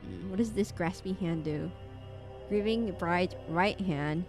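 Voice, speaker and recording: This gamer, a woman with a lowish voice, takes her time narrating a horror game playthrough. She reads game text out loud with wry side comments while faint game music plays.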